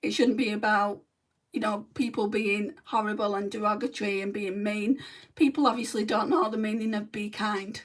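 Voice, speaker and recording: A woman's voice: mid-range voice, steady tone, moderate pace, recorded from a distance. A woman with a Lancashire accent chatting bluntly to live viewers while she does her makeup. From North West England. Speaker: makeup livestreamer. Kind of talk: casual chat while doing makeup.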